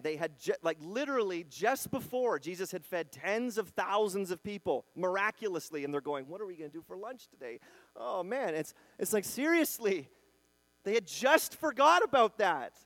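A man preaching a sermon in a conversational style, acting out quotes and swinging between loud bursts and quiet emphasis. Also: a little high, no echo. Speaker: pastor.

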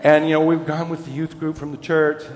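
A man's voice: on the high side, level tone, fairly quick, darkish tone, roomy sound, big-room sound. A man giving a sermon as a pastor, telling stories in a conversational, self-deprecating way.

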